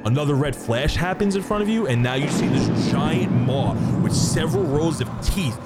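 A man's voice: on the high side, expressive, moderate pace, heavy background noise. A man narrating a tabletop role-playing game as game master, describing scenes with frequent fillers and restarts.

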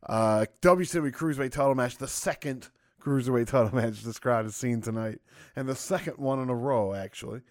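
A man's voice: mid-range voice, a little fast, darkish tone, no room sound, clean studio sound. A man co-hosting a casual podcast, recapping matches with frequent laughs and swearing. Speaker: podcast co-host. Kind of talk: casual chat.

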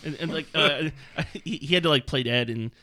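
Bright-voiced man mock-reading a book. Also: on the high side, moderate pace. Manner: mocking, laughing while reading, many fillers. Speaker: podcast host reading a book aloud. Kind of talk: casual chat, reading passages aloud.

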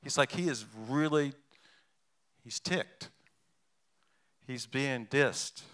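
Bright, animated man preaching. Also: medium pitch, slow. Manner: conversational, animated, with restarts and asides. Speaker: pastor. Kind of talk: sermon.

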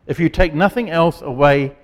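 A man preaching a sermon as pastor, earnest and emphatic, with dramatic pauses. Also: on the high side, long reverb tail.

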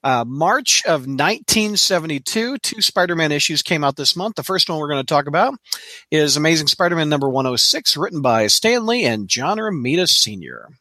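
A man's voice: a little high, lively intonation, fairly quick, bright, forceful tone, dry recording. A man hosting a podcast, introducing callers in a jokey, upbeat, teasing way. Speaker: podcast host. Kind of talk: casual chat, introducing guests.

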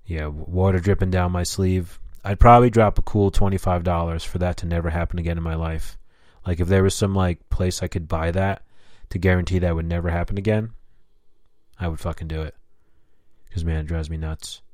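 A man's voice: deep voice, fairly even intonation, a little fast, darkish tone, no echo, clean studio sound. A man hosting a solo talk, ranting about daily annoyances with heavy swearing and mocking asides. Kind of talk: solo profane rant.

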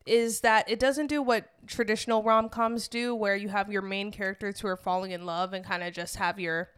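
Female podcast co-host, smooth resonant voice, easygoing, trivia-sharer. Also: mid-range voice, steady tone, normal speed, a bit bright. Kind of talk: casual movie-review chat.

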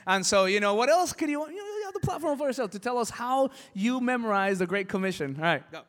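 High-voiced preacher man in a hall. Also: sing-song, fast talker. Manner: preaching with sudden loud build-ups and rhetorical questions. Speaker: pastor. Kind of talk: sermon.

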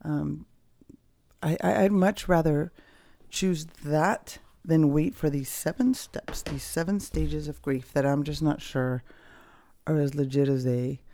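A woman's voice: deep voice, fairly even intonation, slow, warm tone. A woman hosting a personal podcast from home, talking candidly in a rambling, reflective way with many fillers and restarts. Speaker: podcast host. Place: at home, dogs nearby.

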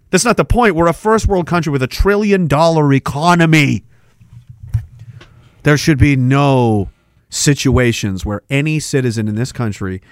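Angry sarcastic man ranting, high voice. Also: no room sound, clean studio sound. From Canada. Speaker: livestream host reading chat. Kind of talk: ranting political livestream.

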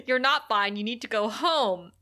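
A woman's voice: a little high, animated, moderate pace, pushed and bright. A woman voicing a young heroine who talks firmly and insistently, exasperated with the adults around her.

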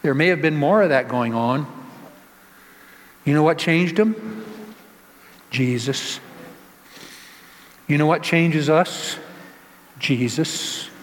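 A man's voice: fairly high pitch, slow, pauses often, slight background noise. A male pastor giving a conversational sermon, asking the congregation rhetorical questions and joking with them. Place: church sanctuary. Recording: long reverb of a church hall.

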